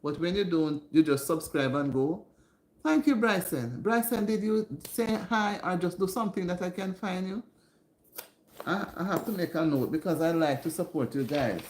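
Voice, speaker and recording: A woman hosting a casual home livestream, chatting warmly and greeting her viewers by name. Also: fairly low pitch, normal speed, reverberant. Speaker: livestream host. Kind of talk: casual live-stream chat with viewers. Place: indoors at home.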